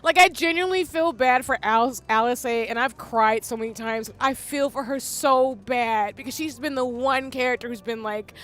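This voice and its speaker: A woman's voice: high-pitched, normal speed, hardly any pauses, a bit bright. A woman streaming a game and chatting casually, emotional and gushing, breaking into tears. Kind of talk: casual live-stream commentary.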